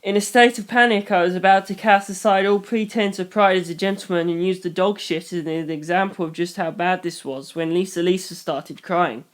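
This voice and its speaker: A reader narrating a novel in first person, brisk with wry asides. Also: mid-range voice, steady tone.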